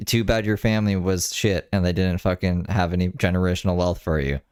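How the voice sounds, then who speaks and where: A man's voice: low voice, fairly even intonation, a little fast, darkish tone, clear, resonant tone, no echo, clean studio sound. A man hosting a reaction video, scolding with sarcastic, profane remarks. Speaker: host reacting to a clip. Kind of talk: reaction commentary.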